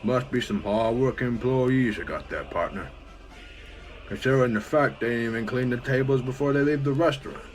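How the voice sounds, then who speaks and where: A man voicing a smug male rival restaurant owner who taunts in a slow drawl. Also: medium pitch, soft background music, voice pushed up, lightly acted. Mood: smug taunting.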